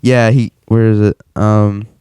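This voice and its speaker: A man's voice: lowish voice, level tone, unhurried, warm tone, clean tone, dry recording. Giggly man retelling a cartoon episode. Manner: laughs often, acts out quoted lines in a raised voice. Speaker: podcast co-host. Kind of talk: casual chat recapping an episode.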